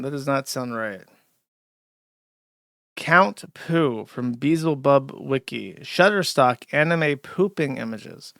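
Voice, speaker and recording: A man's voice: mid-range voice, animated, takes it slowly, vocal fry, fairly bright tone, no echo, studio quality. A man hosting a live stream, reacting to clips with profane, sarcastic ranting. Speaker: streamer host.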